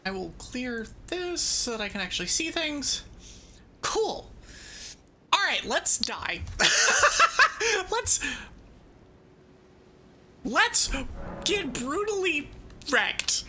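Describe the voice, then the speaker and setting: A woman's voice: high voice, sing-song, slow pace, long pauses, sharp tone, a little hiss or hum. A woman streaming a video game, chatting casually and giggling, talking to herself as she plays. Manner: chatty, giggly, self-mocking; thinks aloud while playing.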